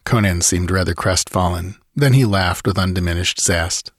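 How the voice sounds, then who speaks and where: Low-voiced man narrating a dramatic tale. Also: moderate pace, hardly any pauses, slightly rough, no room sound, studio quality. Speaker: audiobook narrator.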